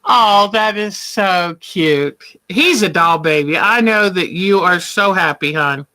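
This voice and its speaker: Woman hosting a live quilting show, unhurried and chatty, bright tone, sweet-talks viewers. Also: on the low side. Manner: chatty, affectionate, calls viewers honey and hon. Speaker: quilting livestream host. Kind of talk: casual livestream chat while quilting.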